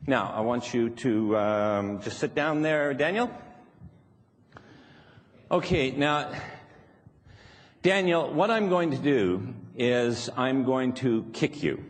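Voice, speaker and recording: A man's voice: mid-range voice, slow pace, pauses often. A man giving a playful live workshop talk to an audience, laughing now and then and acting out little voices as he speaks. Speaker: seminar speaker. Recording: live hall recording with reverb.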